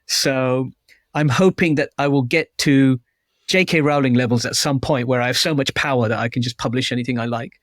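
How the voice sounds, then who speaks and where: A man's voice: medium pitch, fairly quick, no echo, clean studio sound. A man guest author chatting in an interview, telling anecdotes in a self-deprecating way. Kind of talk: casual interview chat.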